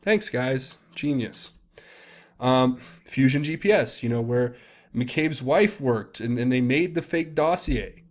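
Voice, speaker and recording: Casting: man, solo commentary host, rambling and emphatic, mid pitch. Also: expressive, slow pace. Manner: casual, rambling, emphatic, with frequent fillers and restarts. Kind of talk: solo commentary reading posts aloud.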